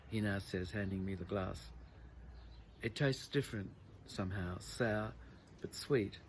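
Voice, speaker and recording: Gravelly low-voiced man reading prose. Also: slight background noise. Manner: measured, reflective reading. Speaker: author reading his own text. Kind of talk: literary reading.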